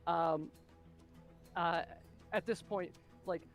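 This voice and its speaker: A man narrating as game master of a tabletop game, excitable and full of fillers and spoken sound effects. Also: fairly high pitch, extremely slow, soft background music.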